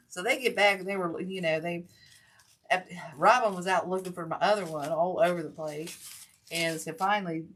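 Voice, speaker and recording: A woman's voice: lowish voice, fairly bright tone, a little hiss or hum. Chatty woman teaching a craft. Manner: chatty, rambling, talks while working. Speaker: wreath-making host. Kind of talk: casual crafting tutorial.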